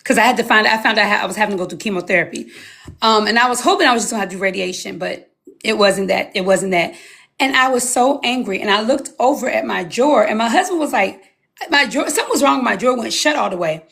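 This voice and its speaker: This thirty-something woman, a guest in an interview, tells her personal testimony in a lively, story-driven way and voices her own past words. She talks fast in a slightly high, creaky voice.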